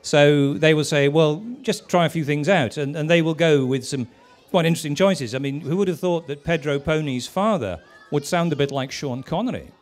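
A man's voice: on the high side, a little fast, few pauses. A man, a voice actor, answering interview questions in a jokey, playful way. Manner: jokey, animated. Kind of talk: interview anecdote.

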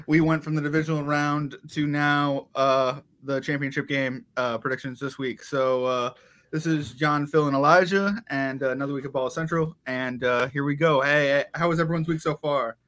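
Bright-voiced young man hosting. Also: fairly high pitch, normal speed. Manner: relaxed, many fillers and "you know what I mean". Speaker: podcast host. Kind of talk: casual sports chat.

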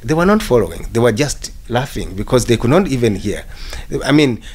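A man, telling stories as a guest in an interview. He has a middle-range voice and talks haltingly with frequent "you know"s. His voice lifts when he gets animated. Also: mid-range voice, slightly rough. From Uganda. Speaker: filmmaker guest. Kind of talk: reflective storytelling in an interview.

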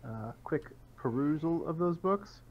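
A man's voice: a little high, expressive, unhurried, muffled recording, slight background noise. A man playing a tabletop game who calls out his rolls casually and laughs at his own character's schemes. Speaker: player.

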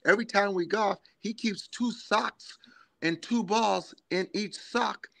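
An older man, a former baseball player appearing as a guest in a live video interview, tells rambling anecdotes with animated storytelling, acting out the voices of people in his stories and laughing often. His voice sits high, creaky, pushed and bright, at a measured pace.

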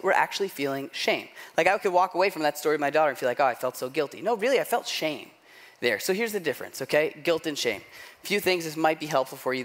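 With a fairly bright voice on the high side, a middle-aged male pastor preaches by telling a story at his own expense. He keeps it casual and conversational, often checking in with "right?"

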